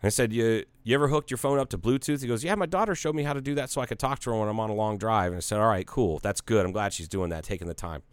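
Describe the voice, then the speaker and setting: A man's voice: fairly low pitch, fast talker, few pauses, clean tone, dry recording. A man of forty from Ohio, chatting casually on a podcast and telling a story with plenty of quoted back-and-forth dialogue, swearing now and then. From Ohio, United States. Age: 40s. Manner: animated storyteller, acts out both sides of a conversation.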